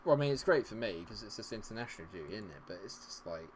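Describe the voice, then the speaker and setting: A man giving running commentary as a streamer, exasperated and muttering, with loud outbursts. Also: lowish voice, lively intonation, fast talker, slight background noise. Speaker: gaming streamer. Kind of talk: live game commentary.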